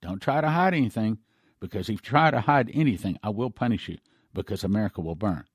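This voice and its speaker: A man voicing a stern male angel who gives grave warnings in a slow, commanding way. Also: lowish voice, animated, breathy edge, no room sound, studio quality. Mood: solemn.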